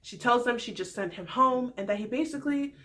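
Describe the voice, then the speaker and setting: A young woman in her twenties giving a frank, animated casual recap of a TV show as the host of her vlog. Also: on the high side, brisk. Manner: frank, animated storytelling with candid opinions.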